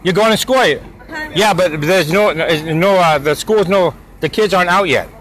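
A parent filming on his phone argues heatedly with road workers outside a school, saying the same things over and over. His high, slightly bright voice runs at normal speed. The rough recording has slight background noise.

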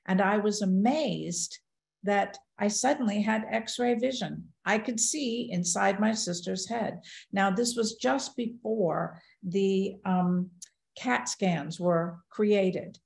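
A woman's voice: mid-range voice, slow pace, vocal fry. Older woman, mid-range voice, storytelling speaker, echoey room. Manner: earnest, quotes dialogue in a lively retelling. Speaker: guest speaker. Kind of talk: personal storytelling talk.

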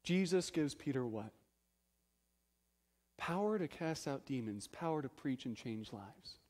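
A man preaching a sermon as pastor, emphatic, asking the congregation rhetorical questions and swinging between loud stresses and hushed low phrases. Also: lively intonation, a little slow.

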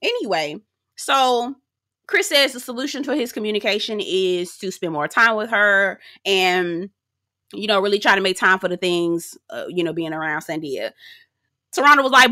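A woman's voice: medium pitch, expressive, moderate pace, bright, forceful tone, no room sound, studio quality. A young adult woman giving a sassy, blunt, profane recap of a reality show, talking straight to her viewers. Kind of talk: casual recap commentary.

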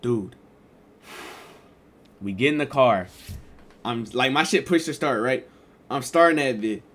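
A man's voice: medium pitch, lively intonation, a little slow, a bit bright. A young man casually telling a storytime vlog in loose, slangy talk with lots of fillers. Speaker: streamer and vlogger.

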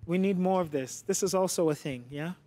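A man's voice: sits high, a little fast, warm tone. A man coaching a contemporary dance class, coaxing his students and often checking with a "yeah?". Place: dance studio.

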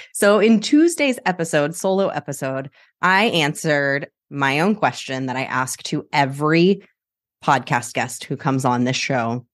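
A woman hosting her own podcast, her voice sitting low for a woman. She talks in a chatty, animated way and breaks into laughter often as she goes. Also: no room sound, studio quality. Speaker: podcast host. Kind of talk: casual solo podcast talk.

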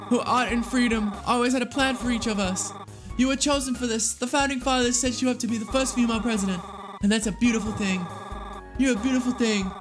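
A streamer voicing a flattering political figure in a game, who praises the player in sweet, overly earnest words. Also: female voice, fairly high pitch, close to an everyday voice. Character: gushing campaign figure praising the chosen woman.

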